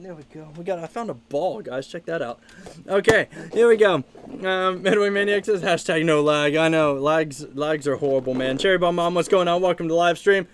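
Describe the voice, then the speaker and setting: A man hosting a casual live stream from a room at home, chatting upbeat with his viewers and thanking them. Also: high-pitched. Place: home room with plush pile.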